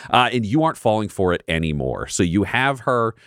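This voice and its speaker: Lively, playful game master man. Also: lowish voice, fairly quick, clean tone, dry recording, clean studio sound. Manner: theatrical, playful storytelling. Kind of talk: improvised tabletop game narration. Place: studio.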